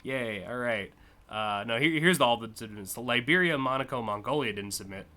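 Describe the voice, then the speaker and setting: A young man with an American accent talks through a live stream in loose, rambling commentary. His voice is bright and forward at an ordinary mid pitch, peppered with "uh" and "like" and short bursts of laughter. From United States. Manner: rambling and chatty, with frequent uh and like, quick laughs. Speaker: streamer hosting a community car contest.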